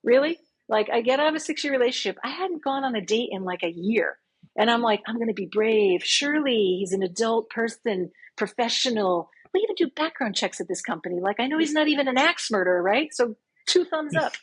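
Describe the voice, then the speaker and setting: A woman in her fifties, a podcast guest telling a dating story in a casual, animated way and acting out what she said back then. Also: on the high side, brisk, slightly rough, poor audio. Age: 50s. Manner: animated, acts out her own past lines.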